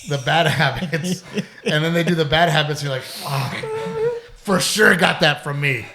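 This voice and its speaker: A middle-aged man hosting a podcast in casual chat, animated and quick to laugh, with the odd curse. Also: a little high, crowd noise. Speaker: podcast host. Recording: roomy echo.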